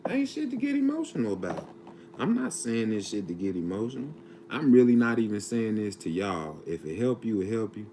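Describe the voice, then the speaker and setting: A man's voice: low voice, dark tone. A middle-aged man talking casually to viewers on a livestream, earnest and preachy, with street slang. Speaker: livestream host. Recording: noisy background.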